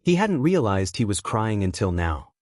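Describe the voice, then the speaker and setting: A man reading a dark fan fiction story aloud as narrator, in a steady, even storytelling manner. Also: on the low side, normal speed, dry recording, clean studio sound.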